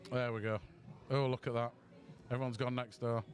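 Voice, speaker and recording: Bloke a bit drunk, rambling chatty pool commentary, mid-pitched voice. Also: male voice, flat delivery, normal speed. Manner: chatty, rambling, self-mocking. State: tipsy. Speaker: stream commentator.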